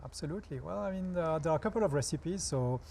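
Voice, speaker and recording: A man from France with a French accent, a guest chef in a TV talk show interview, explaining things in a relaxed way with dry humor. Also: on the high side, fast, creaky, a little hiss or hum.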